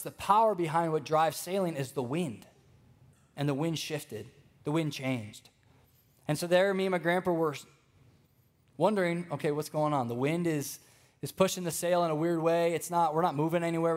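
Animated young man preaching a sermon. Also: fairly high pitch. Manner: storytelling, animated, addresses congregation directly.

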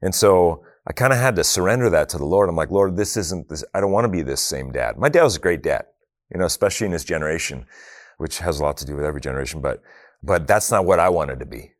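Speaking quickly and animatedly in a low-sitting voice, a middle-aged man prays and then recounts personal stories at a faith talk with humor and sincere reflection, voicing his family's dialogue. The audio is clean studio sound with no room noise.

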